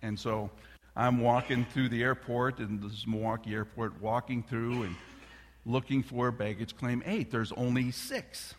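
A middle-aged man preaching a sermon as a pastor, an animated storyteller who talks straight to the congregation. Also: medium pitch, unhurried, slight background noise. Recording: long reverb of a large hall.

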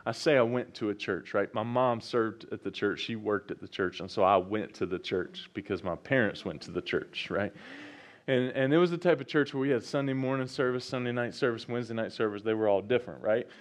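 This male pastor speaks fairly low and fairly quickly while preaching a sermon. He reads from scripture and keeps repeating key phrases with growing enthusiasm.

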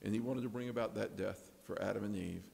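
A male preacher with a gravelly edge to his voice, delivering a sermon. He shifts earnestly between hushed tones and emphatic ones. His words ring out with the long reverb of a large hall. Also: on the low side, a little fast. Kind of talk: expository sermon.

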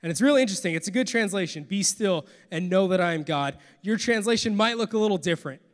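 Man preaching from the pulpit, earnest, dropping quiet then pushing loud; sits high in pitch, big reverberant church hall. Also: lively intonation, fast talker. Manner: earnest, swings from soft to forceful. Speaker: pastor. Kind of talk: sermon.

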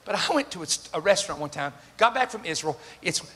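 A man's voice: sits high, fast talker, husky. An older man, preaching a sermon and telling stories, acting out the voices of the people in them. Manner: animated, acts out quoted voices, jokes with the congregation. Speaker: pastor. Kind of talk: sermon with storytelling. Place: church sanctuary. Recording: reverberant hall with faint ambient noise.

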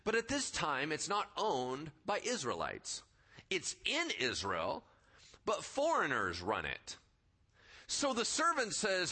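A man preaching a sermon in a conversational, animated way, acting out the people in the story. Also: sits high, measured pace, breathy edge. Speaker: pastor.

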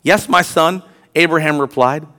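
High-voiced male pastor preaching emphatically. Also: moderate pace. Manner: emphatic, swings from soft to loud. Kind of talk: sermon.

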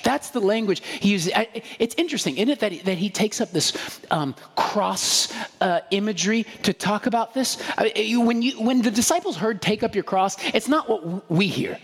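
A man's voice: high-pitched, breathy edge. A man preaching a conversational sermon, telling stories and throwing in rhetorical asides like "right?". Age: adult with a young daughter. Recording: long hall reverb.

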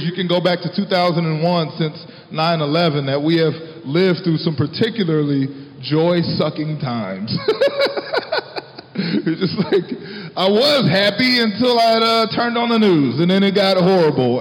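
A man preaching a sermon in a relaxed, conversational way, laughing often and reading scripture aloud. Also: high voice. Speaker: pastor. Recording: long hall reverb, dull lo-fi sound.

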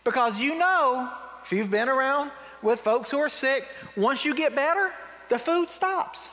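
A man pastor preaching a sermon, retelling scripture in casual everyday words, wry and emphatic, sometimes dropping to quiet reflection. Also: extremely high pitch, animated, unhurried, long reverb tail. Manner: conversational storytelling, paraphrasing scripture in everyday speech.

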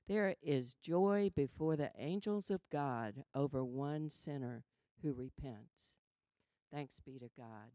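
A woman's voice: low voice, mellow, no room sound. A woman with a Southern US accent reading a Bible passage aloud in church. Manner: slow, measured reading. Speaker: scripture reader.

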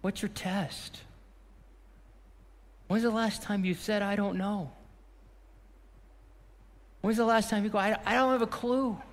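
A man preaching a sermon as pastor, swinging from impassioned shouting to a hushed closing prayer. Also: high-pitched, normal speed, pauses often, big-room sound. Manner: impassioned, shouting repeated phrases, then dropping to a quiet prayer.

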